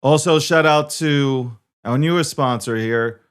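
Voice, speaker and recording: A man's voice: on the high side, a little slow, smooth. A man with a Brooklyn New York accent hosting a live-streamed talk show in a brash, loose way, swearing freely, repeating phrases and stumbling over his restarts. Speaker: show host.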